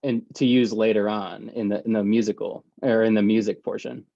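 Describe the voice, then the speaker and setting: A man's voice: lowish voice, flat delivery, fairly quick, gravelly, mellow, dry recording. A man hosting a podcast, who chats casually, laughs often and keeps his replies short and encouraging. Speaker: podcast host. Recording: dull, dry lo-fi sound.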